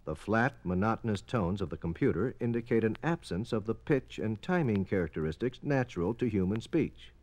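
A man's voice: on the low side, lively intonation, a little fast, few pauses, darkish tone. A man giving formal, explanatory scripted narration for an educational film.

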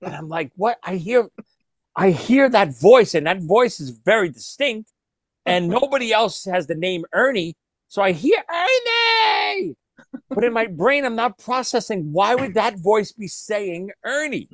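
A man telling a story to his friends in casual chat, animated, laughing often and repeating words. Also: sits high, unhurried, dry recording.

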